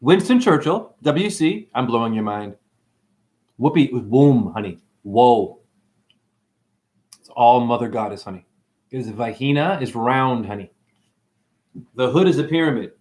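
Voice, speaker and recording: Excitable man with lively, swooping voice. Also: unhurried, pauses often. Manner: excitable, playful sing-song wordplay with sudden high whoops. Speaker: online show host. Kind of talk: rambling livestream monologue.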